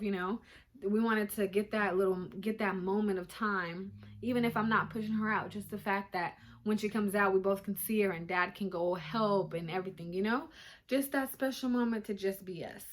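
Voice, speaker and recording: A woman's voice: medium pitch, a little hiss or hum. Chatty young woman telling a birth story. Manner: chatty, emotional, addresses viewers directly. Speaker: vlogger. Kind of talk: casual storytime to camera. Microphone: phone camera.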